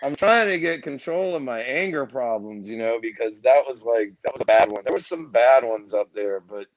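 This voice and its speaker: Guest drummer, male, mid pitch; profane and animated storyteller. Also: normal speed, dull audio. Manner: profane, animated storyteller who acts out quotes. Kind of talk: casual podcast chat.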